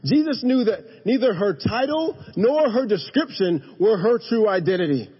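High-voiced husky preacher. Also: male voice, very animated, moderate pace, muffled recording. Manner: dynamic preaching, drops to a hush then rises to emphatic calls; addresses the congregation directly. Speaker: pastor. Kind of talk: sermon. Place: church sanctuary.

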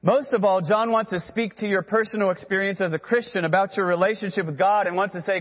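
Male pastor, earnest sermon, high voice, long reverb, dull lo-fi sound. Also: steady tone, fast, few pauses. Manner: earnest, calls on the congregation to repeat phrases.

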